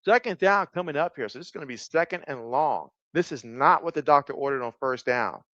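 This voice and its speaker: A man doing casual live-stream play-by-play, reading viewer comments aloud, with bursts of excitement on big plays. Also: medium pitch, brisk, no echo, dull audio.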